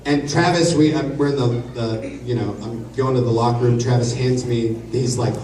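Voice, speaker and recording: A man answering questions on a convention panel, telling jokey stories in an animated way. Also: mid-range voice, moderate pace. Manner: joking, animated storyteller. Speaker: voice actor convention panel guest. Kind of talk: casual panel Q&A storytelling. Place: large convention hall. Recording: echoey hall from far off. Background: audience crowd noise.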